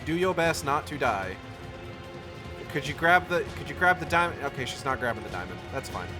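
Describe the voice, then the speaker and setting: A man talks through his game stream in loose, chatty commentary, dropping casual swears. His voice swings up and down lively at a middle pitch, with game music clearly audible behind him. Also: brisk. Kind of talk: let's play commentary.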